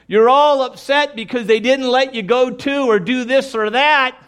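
A man's voice: very high-pitched, measured pace, fairly bright tone, clean tone. A man preaching a sermon, speaking emphatically and addressing the congregation directly, and sometimes acting out quoted voices. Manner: acts out quoted voices in dialogue. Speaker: pastor.

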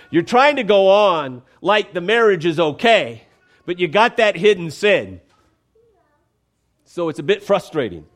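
A man preaching a conversational, emphatic sermon, often checking in with the congregation. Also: high-pitched.

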